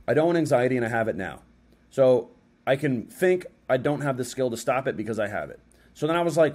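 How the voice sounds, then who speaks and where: Young guy doing a casual motivational talk, slangy, acts out his own thoughts in quotes, mid pitch. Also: fast talker. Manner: slangy and conversational. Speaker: self-help speaker.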